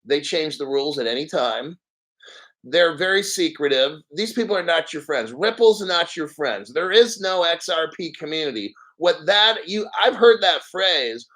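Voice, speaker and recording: Expressive and on the high side, a man speaks at a moderate pace in a somewhat bright voice, with poor audio. Hosting a crypto livestream, he rants bluntly and profanely, reads out viewer comments, mocks people in exaggerated voices, and sounds slightly breathless.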